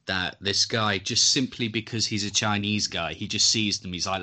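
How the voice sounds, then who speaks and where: Bright, wry man asking questions. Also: on the low side, fairly even intonation, moderate pace. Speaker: podcast co-host. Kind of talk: casual chat.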